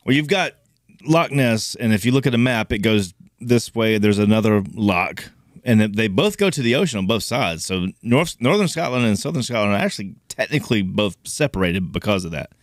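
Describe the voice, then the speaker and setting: A man's voice: lowish voice, lively intonation, brisk, dry recording, clean studio sound. A man co-hosting a podcast, talkative and teasing, explaining things at length. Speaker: podcast co-host. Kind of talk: casual chat.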